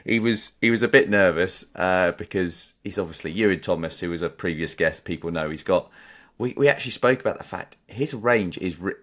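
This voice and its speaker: Deep-voiced English man telling stories. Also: fairly quick, a bit bright. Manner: chatty storyteller, laughs often. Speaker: podcast co-host. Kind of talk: casual chat.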